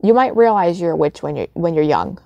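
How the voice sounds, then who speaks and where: A young adult woman talks straight to the camera in a casual vlog, blunt and emphatic, with plenty of swearing. Her voice sits on the low side. The sound is dry, with no room echo. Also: lively intonation, brisk, gravelly, dark tone, dull audio. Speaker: witchcraft vlogger. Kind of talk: casual spoken advice.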